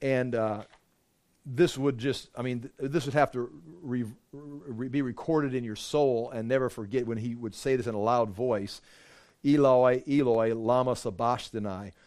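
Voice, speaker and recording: Man, Bible teacher, casual lesson, mid-pitched voice, loose and conversational, fillers and restarts. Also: fairly even intonation, moderate pace, a little mellow. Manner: reads Bible verses aloud with emphasis.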